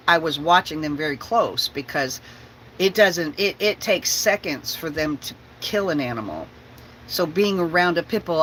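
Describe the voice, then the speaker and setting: A woman vlogger telling a lively story in a casual chat, laughing often and stopping to talk to her dog at home on her bus. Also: fairly low pitch, slight background noise, poor audio.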